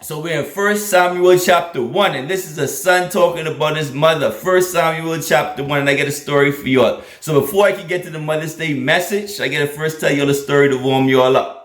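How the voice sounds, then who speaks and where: Casting: man in his thirties, channel host, lively storyteller, fairly high voice, echoey room. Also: a little fast, hardly any pauses. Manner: animated, laughing, repeats lines for emphasis. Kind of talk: casual storytelling to an online audience.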